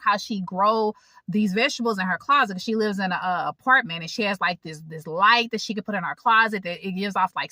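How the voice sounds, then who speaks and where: A woman's voice: fairly high pitch, bright, forceful tone, no room sound. A woman, telling a personal story in a casual vlog from her parked car, chatty and informal, talking straight to her viewers. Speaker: vlogger. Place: parked car in a public area.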